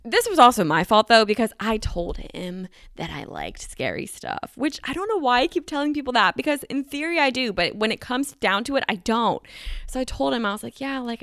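Young adult woman, chatty storyteller, bright crisp voice, dry close sound. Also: fairly high pitch, dry recording. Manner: chatty, filler-heavy with frequent "like"; animated, acts out quoted voices. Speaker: vlogger. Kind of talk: casual storytelling.

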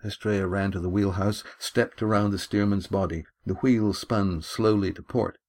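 Low-voiced man reading his own novel. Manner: measured, steady storytelling. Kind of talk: audiobook narration.

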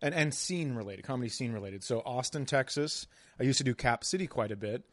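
A man's voice: medium pitch, a little fast, no room sound. A man talking in casual podcast chat, riffing jokes and laughing along with the host. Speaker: podcast guest.

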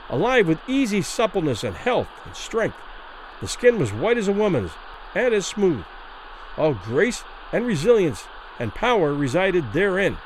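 A male storyteller giving a vivid dramatic reading of a classic tale. His voice rides rather high and moves a great deal in pitch, rising and falling with the action. Faint noise sits underneath. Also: poor audio. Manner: vivid, expressive narration. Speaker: narrator.

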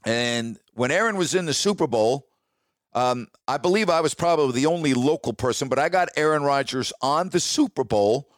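Chatty radio host, dry sound. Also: male voice, medium pitch, animated, moderate pace, no room sound. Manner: chatty, emphatic, repeats "all right?" to listeners. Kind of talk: casual storytelling.

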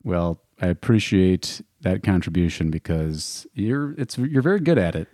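A man's voice: low voice, animated, normal speed, mellow, no echo. A man co-hosting a podcast, casual chat with dry, teasing humor. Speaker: podcast co-host.

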